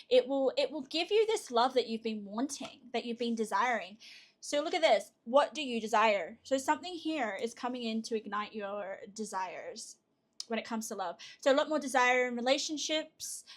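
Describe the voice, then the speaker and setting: A woman giving a pick-a-card tarot reading to her viewers, chatty and excitable, with frequent fillers and restarts. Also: on the high side. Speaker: tarot reader.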